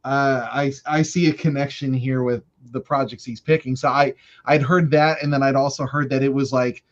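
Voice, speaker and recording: Panelist, male, mid-pitched, chatty, muffled remote audio. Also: steady tone, normal speed. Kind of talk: casual film discussion.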